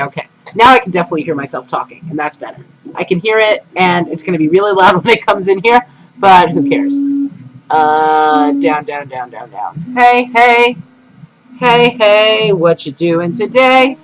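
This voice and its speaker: A man hosting a casual live stream, rambling, humming and muttering to himself as he sets up. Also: on the high side. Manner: rambling, hums and mutters while setting up. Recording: noisy home stream audio.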